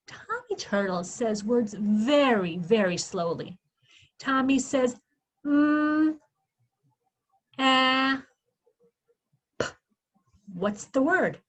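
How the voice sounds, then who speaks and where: Woman presenter with a fairly high voice, teaching early reading and sounding out each phoneme slowly. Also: slightly rough, rough recording. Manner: slow, exaggerated sounding-out of phonemes; asks questions then answers them herself. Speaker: literacy workshop presenter. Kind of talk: instructional presentation.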